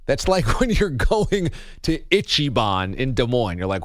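A man's voice: medium pitch, very animated, takes it slowly, fairly bright tone, no room sound, studio quality. A man hosting a sports talk show, joking around and rattling off baseball stats in a casual, wry way.

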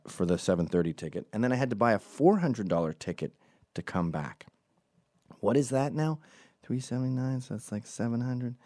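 Sardonic man, forties, low voice, dead-dry close mic, rambling comic monologue. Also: darkish tone, dry recording. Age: 40s. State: recovering from strep throat. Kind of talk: casual comedic monologue.

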